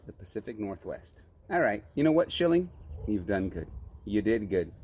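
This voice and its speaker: A man's voice: on the low side, sing-song, moderate pace, a little mellow, a little hiss or hum. A man hosting a casual drink-tasting vlog, reading the can label aloud and joking playfully between sips. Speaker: beer review vlogger.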